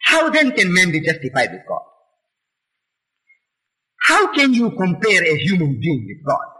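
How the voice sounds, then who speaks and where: A man's voice: sits high, wildly swooping pitch, measured pace, sharp tone, low-quality recording. A man giving an impassioned religious lecture, emphatic and rhetorical, pressing his listeners with questions.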